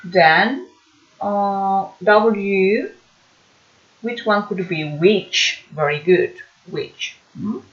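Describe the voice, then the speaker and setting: A woman teaches a beginners' English class at an unhurried, deliberate pace. She speaks at a middling pitch and keeps checking that her students follow. The recording is dull and lo-fi. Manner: slow and patient, checking understanding with "hmm?". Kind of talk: online class lesson.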